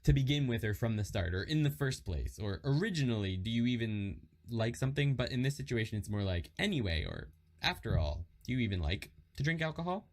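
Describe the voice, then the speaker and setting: Chatty man explaining, lively pitch. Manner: relaxed and chatty, reads and repeats example sentences. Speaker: Japanese learner teaching lessons. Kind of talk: casual lesson explanation.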